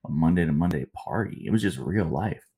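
A young man hosts a podcast with a very low, deep voice. He talks in a laid-back, rambling way, full of slangy asides and loose stories. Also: animated, a little fast, gravelly, dark tone, husky. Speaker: podcast host. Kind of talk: casual chat.

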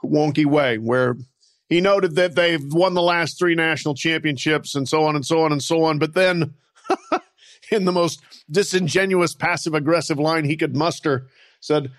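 A man's voice: on the high side, normal speed, a bit bright. A man co-hosting a casual sports talk show, giving wry, sardonic commentary. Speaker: podcast co-host.

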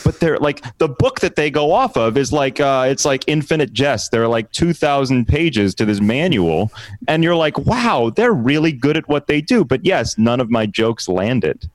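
A man who works as a play-by-play sports announcer, telling a funny story as a guest on a casual chat show, self-deprecating and lively when he quotes himself. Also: mid-range voice, normal speed.

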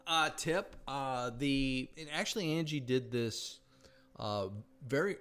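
Podcast dude, pretty low voice, super animated, teasing his buddy, squeals when shocked. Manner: animated, teasing, shrieks in disbelief. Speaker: podcast co-host. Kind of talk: casual chat.

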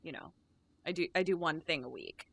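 A woman's voice: low voice, fairly quick, creaky, a bit bright, dry recording. A woman co-hosting a comedy podcast, chatting playfully with lots of fillers. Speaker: podcast co-host. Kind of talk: casual chat.

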